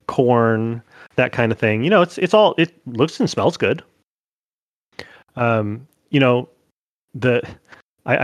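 A man's voice: medium pitch, no room sound. Guy running a horror tabletop game, lots of ums and restarts, dry close mic. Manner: rambling, many fillers and restarts. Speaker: game master.

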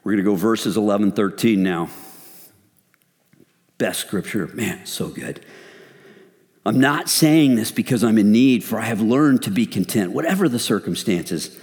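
A middle-aged man leading a men's ministry, preaching in an earnest, conversational way with animated retellings. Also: fairly low pitch, measured pace, pauses often. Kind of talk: sermon. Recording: long hall reverb.

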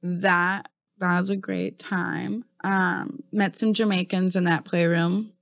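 A woman's voice: fairly low pitch, flat delivery, takes it slowly, vocal fry. A woman co-hosting a podcast, telling a long, profane anecdote in casual chat and laughing often. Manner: loose, profane storytelling with frequent laughter. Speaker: podcast co-host.

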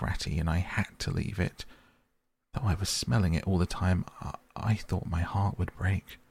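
A man's voice: sits low, gravelly, a little mellow, slightly rough, exaggerated voice. A man voicing a tearful, timid, homesick male mole who pleads in a sobbing rush.

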